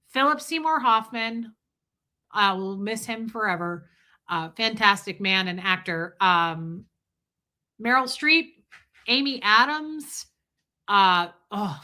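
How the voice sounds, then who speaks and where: A woman in her forties hosts a casual livestream and talks bluntly, swearing freely and telling stories with a lot of life. Her voice is bright and sharp. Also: mid-range voice. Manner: blunt, profane, animated storytelling. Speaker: livestream host.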